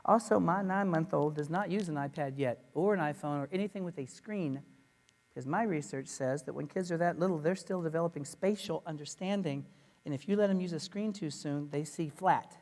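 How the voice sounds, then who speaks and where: A man giving a conference talk to teachers, animated, playful and emphatic. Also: a little high, a little fast. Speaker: education speaker. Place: conference room. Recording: reverberant conference hall.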